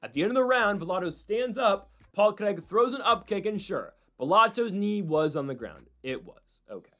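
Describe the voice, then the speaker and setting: A man casually breaking down MMA fights and predictions, rambling and excitable with frequent asides. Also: sits high, normal speed.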